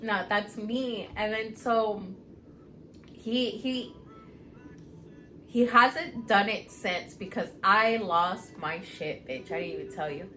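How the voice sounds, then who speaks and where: Bright-voiced woman telling a profane story. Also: mid-range voice, slow pace, faint music behind. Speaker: podcast co-host. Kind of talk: casual chat.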